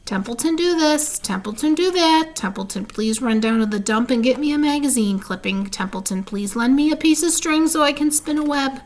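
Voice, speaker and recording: A woman's voice: high-pitched, animated, moderate pace, few pauses, pitched above the performer's own voice. Sarcastic male rat, lazy, grumbling, mocking, woman reading aloud, storybook.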